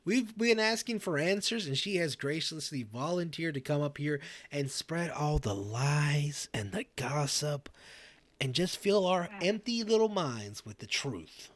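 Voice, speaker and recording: A goofy talk show host, played by a man jokes his way through role-play banter. His voice sits a touch high and swings widely up and down as he stumbles over restarts. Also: expressive, a little slow, no room sound. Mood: easygoing banter. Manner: joking, stammering restarts.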